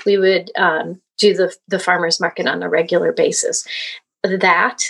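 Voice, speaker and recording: A woman's voice: lowish voice, fairly even intonation, normal speed, creaky, a bit bright, slightly rough. A woman being interviewed as a guest, chatting casually and reminiscing at length with plenty of fillers.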